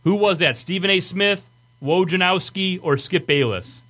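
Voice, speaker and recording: Bright-voiced man hosting a sports podcast. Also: high-pitched. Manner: playful, reads quotes aloud slowly. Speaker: podcast host. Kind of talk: casual sports quiz banter.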